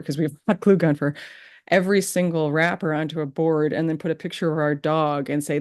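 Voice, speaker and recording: A woman hosting a podcast, chatting casually and telling a lively story with laughs. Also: deep voice, fast. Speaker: podcast host. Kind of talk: casual interview chat.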